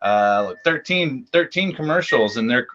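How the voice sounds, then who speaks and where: A man co-hosts a casual interview. His voice is bright and forceful, and he rambles through his stories with fillers. The recording is dull and lo-fi. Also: medium pitch, animated, slight background noise. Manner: rambling, halting storyteller with fillers. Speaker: co-host.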